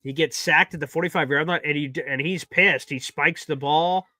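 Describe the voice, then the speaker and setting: A man's voice: on the high side, moderate pace, sharp tone, no room sound. A man hosting a live watch party stream, calling play-by-play and getting exasperated at bad plays.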